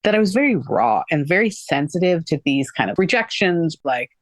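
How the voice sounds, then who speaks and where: Low-ish and expressive, this woman's voice moves at a moderate pace in a dry recording. She recounts her own experience as a guest in a candid, chatty way, filling her speech with "like" and performing quoted dialogue.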